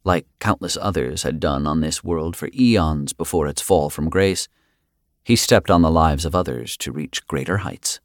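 A man reading a dark fantasy story aloud in a steady, grave storytelling manner. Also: a bass voice, normal speed, no room sound, clean studio sound. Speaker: narrator. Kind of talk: dramatic audiobook narration.

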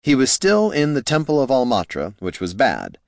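A man narrating a fantasy audiobook in a wry, expressive storytelling manner. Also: medium pitch, moderate pace, creaky, no echo, studio quality.

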